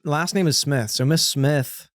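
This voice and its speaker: A man's voice: on the high side, measured pace, no echo. A young man hosting a podcast, telling school stories in casual chat with laughs and loose swearing. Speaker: podcast host.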